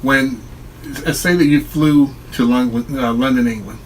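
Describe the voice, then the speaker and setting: A man's voice: mid-range voice, a little slow, a little hiss or hum, poor audio. A man talking straight to his viewers in a solo vlog, explaining his view in an earnest, reflective way. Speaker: online commentator.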